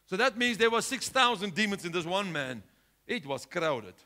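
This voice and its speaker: Bright-voiced impassioned male preacher. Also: big pitch swings, moderate pace. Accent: South African. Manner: impassioned preaching, rising loud then dropping low. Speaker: pastor. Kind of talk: sermon.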